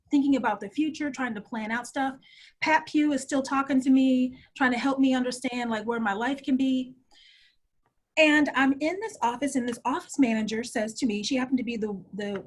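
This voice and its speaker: A middle-aged woman telling her life story as an interview guest, animated and laughing often. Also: fairly high pitch, breathy edge.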